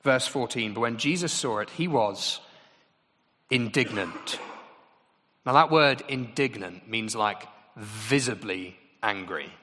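A man's voice: lowish voice, takes it slowly, sharp tone, slight background noise. A man preaching a sermon in a chatty, conversational way, often asking the congregation questions. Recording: long hall reverb.

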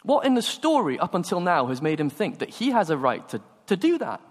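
A man preaching a sermon, telling stories and acting out the dialogue with animated energy. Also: sits high, fairly quick. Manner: animated storytelling, acts out dialogue. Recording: long hall reverb.

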